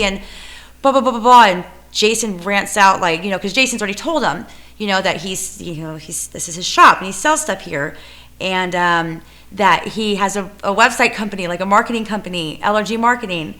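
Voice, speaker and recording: Bright-voiced woman, middle pitch, rambling casual storyteller in an interview. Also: a little fast. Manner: rambling, full of fillers and self-corrections. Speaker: music venue co-owner.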